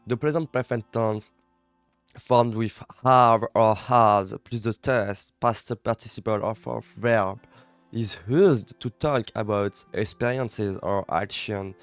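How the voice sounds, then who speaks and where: A native French speaker with a French accent reads English lessons aloud on a study live stream, halting to repeat words as he practises pronunciation. His voice is lowish and smooth. There's no room sound, just soft background music.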